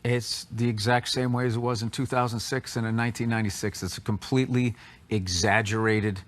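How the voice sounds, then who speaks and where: A man's voice: medium pitch, little pitch movement, fairly quick. Blunt opinionated man in an interview. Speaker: interview guest. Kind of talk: casual interview chat.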